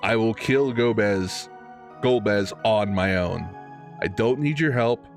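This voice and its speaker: A man's voice: fairly low pitch, slow, soft background music. A man voicing a vengeful old sage in a game, reading his lines in a grim, stern way.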